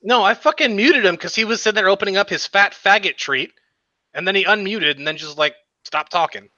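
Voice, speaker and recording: A man's voice: high voice, a little fast, sharp tone, no room sound. A man on a livestream, ribbing his friends with sarcastic, profane teasing. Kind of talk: casual livestream chat. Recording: dull lo-fi mic.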